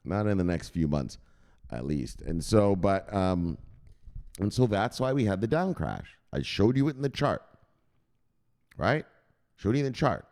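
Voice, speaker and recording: A man's voice: unhurried, long pauses. A man hosting a crypto news channel, talking casually over a chart, swearing freely and mocking imagined viewers. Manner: animated, swears freely, mocks imagined viewers in a high squeaky voice.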